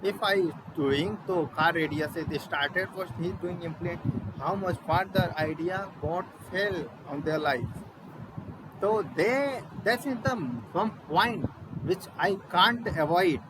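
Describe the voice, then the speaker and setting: Young Indian man, fairly high voice, hesitant practice monologue, loud traffic behind. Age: young adult. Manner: halting, searching for words, mixing in Hindi. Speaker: student practicing spoken English. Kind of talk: self-recorded practice monologue. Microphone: laptop microphone.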